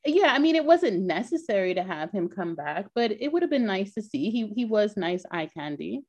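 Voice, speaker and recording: A woman co-hosting a podcast in casual chat, talkative and quick to laugh, with lots of filler words. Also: medium pitch, sing-song, darkish tone. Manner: chatty, laughs often, many "like" fillers. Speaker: podcast co-host. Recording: dull lo-fi sound.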